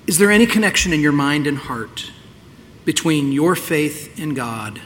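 A male pastor delivers a sermon in a candid, conversational way, with a bright, forward tone. He sits a little high in pitch for a man. A long church reverb hangs behind him, with faint room noise. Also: expressive, unhurried. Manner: candid, conversational preaching with restarts. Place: church sanctuary.

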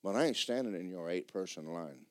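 A man preaching a sermon, emphatic and loud at times, dropping low for stories. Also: expressive, brisk, clean tone, dry recording. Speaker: pastor.

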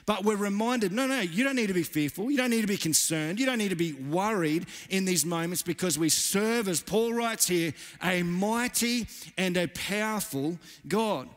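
Earnest high-voiced pastor preaching. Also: male voice, expressive, normal speed, a bit bright. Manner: earnest, emphatic, repeats key phrases. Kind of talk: sermon. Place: church. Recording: church hall reverb.

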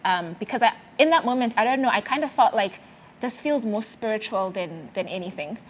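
A woman from South Africa sharing a personal faith testimony in conversation, earnest and halting with many fillers and restarts. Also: mid-range voice, lively intonation.

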